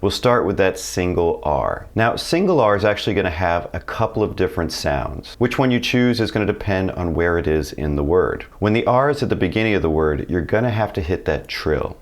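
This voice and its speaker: A man's voice: deep voice, animated, a little fast, hardly any pauses. A man teaching a Spanish pronunciation lesson to viewers, friendly and dropping joking asides. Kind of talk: video language lesson.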